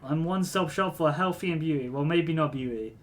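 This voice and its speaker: A man's voice: fairly high pitch, a little fast, close to an everyday voice. A man voicing a raucous, hungover cyborg street doctor in his forties who boasts and jokes, stumbling over his words. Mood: joking.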